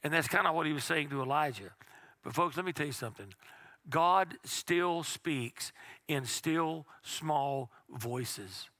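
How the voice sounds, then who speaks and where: A middle-aged man preaching a sermon as pastor, slowing right down for key phrases and dropping to a hush on the quiet lines. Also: on the high side, lively intonation, no echo. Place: church sanctuary.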